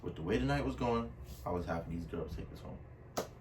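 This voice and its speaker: Here a young man with a deep voice tells a casual storytime, animated and fairly quick. Slang fills his speech, especially "bro" and "I was like." Faint room noise comes through a mic placed somewhat far away.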